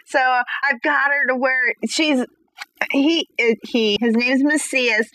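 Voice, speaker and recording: A woman's voice: high voice, slow, poor audio. A woman hosting a radio interview, chatty and giggly as she talks. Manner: chatty and giggly, animated about her dogs. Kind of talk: casual radio interview chat.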